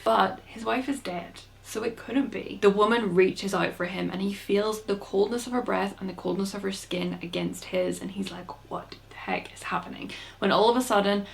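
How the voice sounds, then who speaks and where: A woman's voice: mid-range voice, creaky. Chatty woman recapping a book. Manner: chatty, playful, slips into quick voices for characters. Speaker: book vlogger. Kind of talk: casual plot recap.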